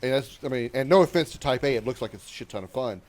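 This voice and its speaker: A gaming livestreamer in his thirties chats loosely with his stream as he plays, talking fast in a mid-range voice. He's sarcastic and swears freely, reads viewers' messages aloud, and yelps loudly whenever his character is in danger.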